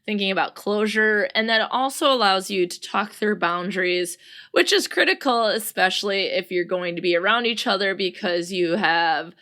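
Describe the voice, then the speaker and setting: A woman's voice: medium pitch, normal speed, pushed and bright. A woman hosting a solo podcast, talking in a chatty, upbeat way, reading out quotes and laughing often. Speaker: podcast host. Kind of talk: solo podcast talk on friendship.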